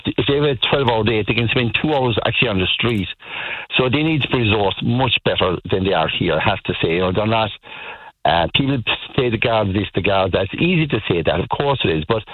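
A middle-aged man with an Irish accent rings into a radio show and talks in long, earnest, rambling runs, repeating himself as he goes. His voice sits fairly low and sounds dry and close. It comes through a thin, tinny phone line. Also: no echo. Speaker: caller.

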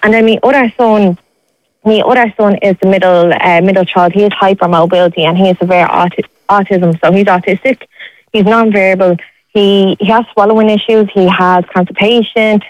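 A woman's voice: medium pitch, fairly even intonation, fairly quick, no echo, dull audio. An Irish woman in her young adult years phones in to a radio show. She speaks in a dry, close sound, pleading and emotional, her voice breaking with tears at times. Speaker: radio caller.

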